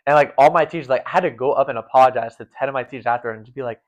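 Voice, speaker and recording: On a dull lo-fi recording, a former volleyball setter in his late teens talks as a guest, rapid-fire and with hardly any pauses. His pitch sits in the middle, and the chat is casual and earnest, full of rambling fillers.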